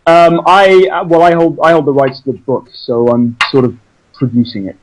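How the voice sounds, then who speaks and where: A man's voice: fairly high pitch, little pitch movement, normal speed, poor audio. Chatty English man, easygoing actor. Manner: chatty, self-deprecating, stumbles on restarts. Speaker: actor guest. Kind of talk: casual interview chat.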